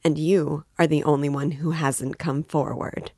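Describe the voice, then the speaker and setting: A woman reading aloud voices a calm, coolly ironic male magistrate. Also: low-pitched, unhurried, husky, no echo, studio quality, exaggerated voice.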